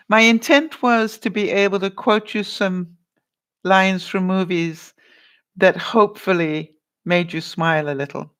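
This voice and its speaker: A woman's voice: medium pitch, fairly bright tone. A woman vlogger chatting casually on a live stream, laughing often as she runs a movie-quote quiz and answers viewer comments.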